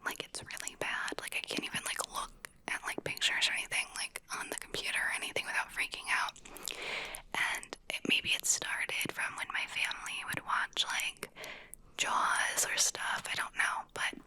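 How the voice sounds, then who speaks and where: A hesitant young patient, played by a woman, in a whispered role-play. She speaks in a soft breathy whisper, stumbling along on filler words as she explains herself. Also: normal speed, natural voice, rough recording.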